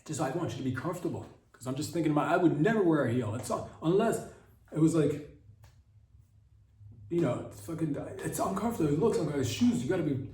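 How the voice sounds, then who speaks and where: A man's voice: on the high side, animated, quick pace, darkish tone, echoey room, distant mic, poor audio. A young man hosting a comedy podcast, riffing in a rambling, profane monologue full of mock outrage. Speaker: podcast host.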